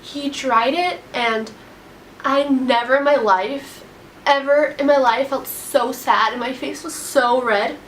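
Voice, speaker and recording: A woman's voice: high voice, fairly even intonation, takes it slowly, slight background noise. A teenage girl telling a storytime vlog in a casual, rambling way, upset and full of "like". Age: teens. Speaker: vlogger.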